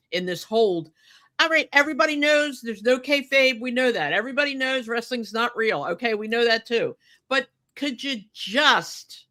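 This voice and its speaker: A podcast co-host with a sharp-toned, mid-range voice chats casually, getting indignant about a wrestling match. Her speech is full of fillers and restarts.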